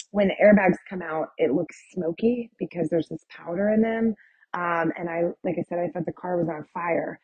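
A woman's voice: lowish voice, breathy edge, no room sound, phone-quality sound. A woman guest telling her personal testimony in a vivid retelling full of "like" and "um". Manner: vivid retelling, with many "like" and "um" fillers.

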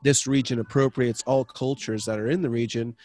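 A man's voice: mid-range voice, fairly even intonation, brisk, a little mellow. A man co-hosting a podcast, talking in a rambling way that trails off, swearing freely. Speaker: podcast co-host. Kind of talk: casual chat.

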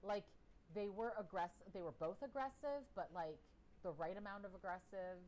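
A woman co-hosting a podcast in casual chat, animated and quick to act out what others said. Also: medium pitch, slight background noise, low-quality recording. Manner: animated, laughs, acts out quotes. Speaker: podcast co-host.

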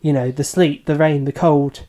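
A man co-hosting a book podcast. His voice is mellow and warm, and his delivery is thoughtful and a little self-deprecating, as he hedges his opinions in a casual chat. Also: on the high side, fairly even intonation, normal speed. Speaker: podcast co-host.

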